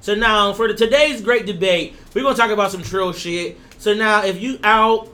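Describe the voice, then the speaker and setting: High-voiced young man, loud and slangy. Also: normal speed, soft background music. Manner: loud, slangy and swearing, often laughing. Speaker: podcast co-host. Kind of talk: profane casual chat.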